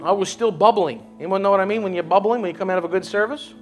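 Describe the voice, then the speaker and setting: A man's voice: sits high, very fast, soft background music. A man preaching as a pastor at a church service, urging the congregation on. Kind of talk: sermon and altar call.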